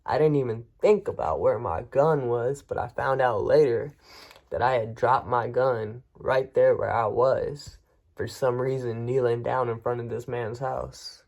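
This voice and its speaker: A man's voice: medium pitch, fairly even intonation, unhurried, creaky, darkish tone. A man vlogger telling a personal story in a frank, rambling way with frequent restarts. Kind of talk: casual first-person storytelling.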